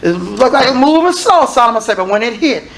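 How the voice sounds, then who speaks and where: Male preacher, sermon delivery, highly animated pitch that leaps up and down, punchy calls to the congregation. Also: a little fast, gravelly. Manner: animated preaching, swinging from low asides to shouted exclamations; calls and questions aimed at the congregation.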